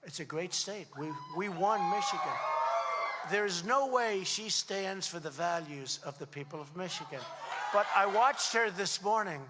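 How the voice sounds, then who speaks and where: A very noisy recording captures a man in his seventies at a rally in a large hall, his high, expressive voice moving a little slowly. He tells stories in a conversational, rambling, repetitive way, with long hall reverb trailing his words.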